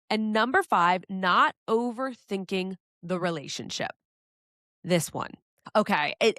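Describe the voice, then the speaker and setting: A woman's voice: medium pitch, fairly bright tone, no echo, clean studio sound. A woman hosting a solo relationship advice podcast, talking candidly and conversationally, with the odd casual swear. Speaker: podcast host.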